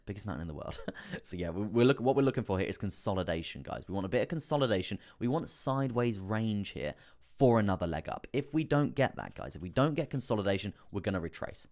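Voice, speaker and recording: A man's voice: on the low side, animated, fast talker, darkish tone. A young man hosting a live stream, chatting casually through chart analysis, full of fillers and repeated phrases and talking to viewers directly. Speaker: crypto live stream host.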